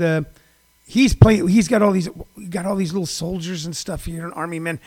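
Older guy, 60s, high voice, rambly comic livestream chat full of ums. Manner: rambling storyteller with many fillers and restarts. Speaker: comedian hosting a daily livestream. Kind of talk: casual rambling monologue.

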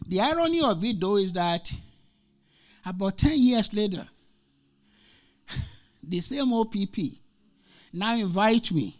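A man in his sixties from Nigeria, preaching as a guest speaker and telling stories from his own life. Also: sits high. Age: 60s. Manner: emphatic, repeats scripture lines, tells personal stories. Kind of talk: sermon.

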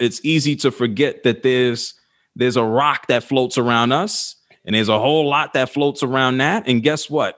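A man's voice: mid-range voice, fairly bright tone. Blunt, emphatic middle-aged man. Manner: blunt, emphatic, swears casually. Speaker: guest, sports radio host. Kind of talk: casual interview talk.

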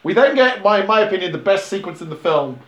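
A man with a slightly high voice retells a film to friends, swearing freely and jumping into the characters' lines. The recording is roomy and echoey. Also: quick pace. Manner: animated retelling with swearing and impressions. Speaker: podcast co-host recapping a film. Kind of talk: casual chat. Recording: roomy echo.

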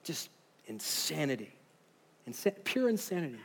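High-voiced man preaching a lively sermon. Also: moderate pace, husky, in a large hall. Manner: lively storytelling, shifts between soft asides and loud emphasis. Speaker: pastor.

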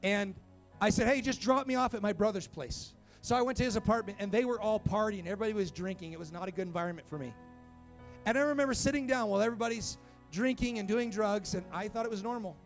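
Young male pastor, fairly high voice, lively storytelling sermon, soft music underneath. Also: fast. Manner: animated storytelling preacher, rising to emphatic calls. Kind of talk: sermon to youth and church. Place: church sanctuary.

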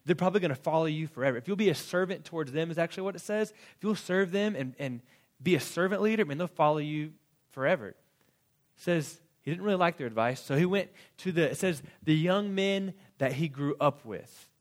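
A man preaching a sermon in a casual, animated way, with quick asides and acted-out quotes. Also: a little high. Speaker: pastor.

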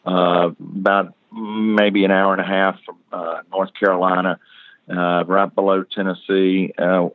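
A man's voice: sits low, no echo. A man with a Southern accent, a football coach talking easygoing and upbeat in a phone interview. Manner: easygoing, upbeat, many restarts. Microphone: phone line. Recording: dry tinny phone line.

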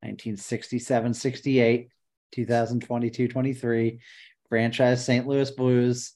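A man co-hosting a casual sports podcast, excitable and swearing, muttering to himself as he searches. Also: medium pitch, unhurried. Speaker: podcast co-host. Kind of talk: casual chat.

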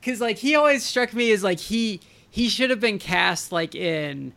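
Male co-host, high and bright, filler-heavy casual talker. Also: animated, normal speed, vocal fry. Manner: rambling with many fillers. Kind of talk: casual chat.

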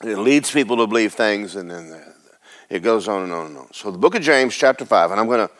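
A man with a lowish, fairly bright voice preaches fairly quickly, his intonation lively. In a conversational sermon he reads scripture aloud and explains it, repeating words and asking rhetorical questions.

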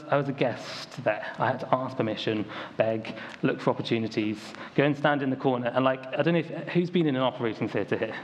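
A young man from the United Kingdom preaching a sermon to a church congregation in a casual, storytelling way, full of ums and likes. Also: medium pitch. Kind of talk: conversational sermon. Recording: dull lo-fi recording, faint ambient noise.

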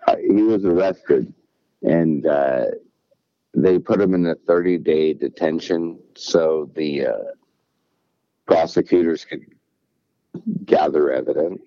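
A man's voice: extremely low pitch, takes it slowly, pauses often, no echo, highs cut off. A man casually chatting as a podcast co-host, telling stories hesitantly with lots of fillers. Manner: hesitant, filler-heavy storytelling. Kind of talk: casual chat.

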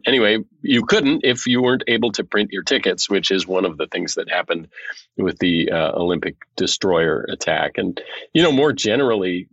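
Podcast guest, man, very low and raspy, close dry recording, wry asides. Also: a bit bright, no echo, highs cut off. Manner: dry joking asides in explanations. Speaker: security analyst guest. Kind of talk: casual podcast chat.

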